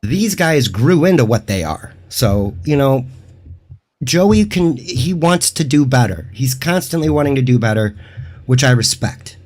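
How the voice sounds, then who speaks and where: A man's voice: medium pitch, sing-song, measured pace, a little mellow. Brief: man, odd-sounding voice, loose rambling co-host, casual commentary. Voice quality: unusual-sounding voice. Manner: loose, rambling, often restarts.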